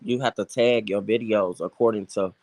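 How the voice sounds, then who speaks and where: A man in a casual group chat, giving steady advice with frequent ums. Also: fairly low pitch, moderate pace, no echo. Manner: advising, steady, filler-heavy.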